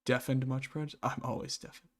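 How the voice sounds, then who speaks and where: A man's voice: mid-range voice, level tone, moderate pace, a bit bright. A young adult man hosting a casual livestream Q&A while gaming, talking in a rambling, chatty way with many restarts and fillers. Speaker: streamer and channel host.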